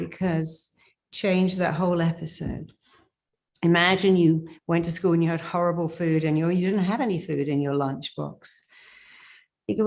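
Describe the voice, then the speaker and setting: A woman's voice: on the low side, normal speed. A middle-aged woman, a therapist, leading a guided self-help exercise in an emphatic, commanding way, with phrases repeated for listeners to say back.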